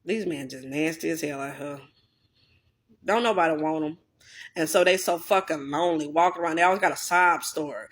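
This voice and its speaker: A woman's voice: fairly high pitch, very animated, brisk, a bit bright. A woman vlogger in a blunt, profane, heated casual rant. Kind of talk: casual ranting monologue.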